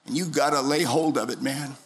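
A middle-aged man preaching a sermon as pastor in a church, impassioned, swinging from soft, low passages to shouted pleas. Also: fairly even intonation, brisk.

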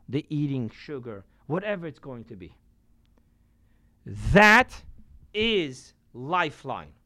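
A man, a rabbi, giving a sermon to a live audience in a room, telling stories and shifting from loud emphasis to quiet asides. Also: fairly high pitch.

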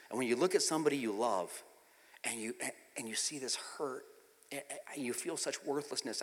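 A man preaching a sermon, telling the story with acted-out quotes and swinging from hushed, intimate passages to loud, shouted ones. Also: mid-range voice, long reverb tail. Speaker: pastor.

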